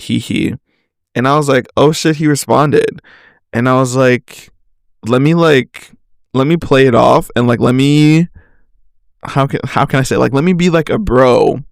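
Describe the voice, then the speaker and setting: A man's voice: medium pitch, gravelly, dry recording, clean studio sound. A young man casually telling a rambling story on his podcast, swearing, laughing and saying "like" a lot. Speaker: podcast host.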